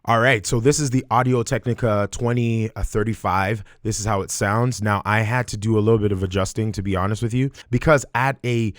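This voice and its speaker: A man's voice: fairly low pitch, fairly quick, hardly any pauses. A young man from Canada talking casually into a close studio mic, reviewing microphones with a hyped-up show intro. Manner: energetic, hyped show intro with rising shouts. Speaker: YouTube creator testing microphones. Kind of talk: casual gear review to camera.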